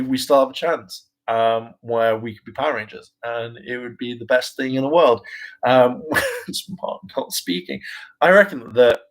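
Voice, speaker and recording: A man's voice: medium pitch, rough recording. A man vlogging in a casual, rambling way, self-mocking and full of fillers and the odd swear word. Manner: chatty and self-mocking, with frequent fillers, laughs and mimicked voices. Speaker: vlogger and hopeful actor.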